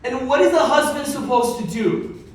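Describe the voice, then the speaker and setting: A man's voice: very high voice, normal speed. A man preaching a sermon as pastor, conversational with joking asides and repeated key lines. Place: large echoey church hall with congregation. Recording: very echoey hall heard from far off.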